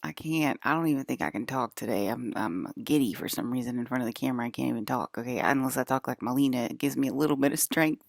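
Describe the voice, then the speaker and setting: A woman's voice: rumbling low, fast talker, creaky, no room sound. Woman, vlogger, rambling monologue, frequent laughter, swearing, dry close sound. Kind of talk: casual rambling monologue to camera. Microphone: camera.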